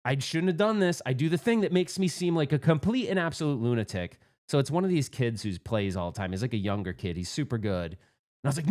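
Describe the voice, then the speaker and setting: A man telling a rambling, excitable story about a pinball tournament, restarting often and working himself up. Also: a little high, fast. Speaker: pinball vlogger. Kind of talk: casual storytelling monologue.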